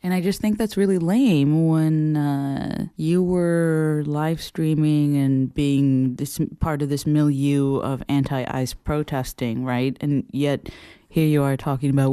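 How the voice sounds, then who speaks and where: A man hosting a casual commentary show, talking in an expressive, sarcastic way, swearing freely and laughing often. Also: on the high side, a little slow, smooth, dry recording, studio quality. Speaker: podcast host.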